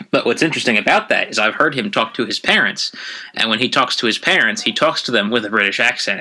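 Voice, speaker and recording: A man's voice: mid-range voice, sharp tone. A man teaching a history lesson online, explaining slides in a conversational, thinking-aloud way. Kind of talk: casual online lecture over slides.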